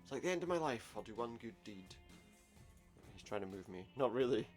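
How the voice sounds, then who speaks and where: A man's voice: mid-range voice, lively intonation, a little fast, faint music behind. A man playing through an adventure game, commenting wryly and reading the dialogue aloud. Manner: wry, sarcastic asides. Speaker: let's play gamer.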